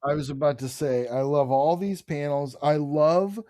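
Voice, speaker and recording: A man co-hosts a casual comic book podcast, talking with eager enthusiasm and the odd swear. His voice sits a touch high. The sound is dry and close, with no room echo. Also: fairly even intonation, moderate pace, mellow. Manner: enthusiastic, swears casually, reads dialogue aloud. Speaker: podcast co-host.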